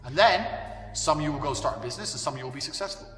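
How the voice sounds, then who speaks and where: A man's voice: mid-range voice, animated, very fast, distant mic. A man delivering a blunt, profane, emphatic monologue. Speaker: speaker giving a self-help rant. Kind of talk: ranting monologue. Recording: echoey hall, voice from afar, faint music.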